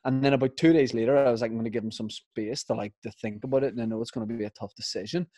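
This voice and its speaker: A young man, co-host of a podcast, telling a childhood story in a casual chat with dry, deadpan asides. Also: mid-range voice, very fast, dry recording.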